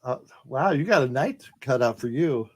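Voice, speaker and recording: A man's voice: medium pitch, lively intonation, moderate pace. A man hosting a talk show in drag, asking questions and laughing often. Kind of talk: casual chat.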